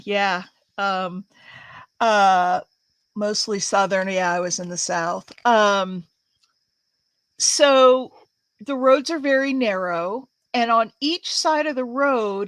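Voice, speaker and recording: A woman's voice: fairly high pitch, dry recording. A woman from the United States hosting a crafting livestream, telling a rambling story in a casual, chatty way with many fillers while she works.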